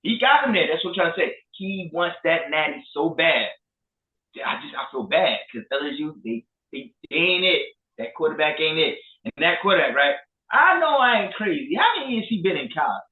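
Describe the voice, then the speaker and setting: Animated trash-talking man, echoey lo-fi sound. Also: fairly high pitch, brisk. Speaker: co-host. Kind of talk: casual sports talk. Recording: echoey room, phone-like lo-fi.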